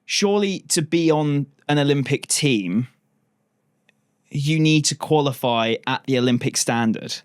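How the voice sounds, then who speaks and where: A man's voice: on the high side, a little slow, clear, resonant tone, dry recording, studio quality. A man hosting a podcast in casual chat, chatty, laughing often and swearing casually. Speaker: podcast host.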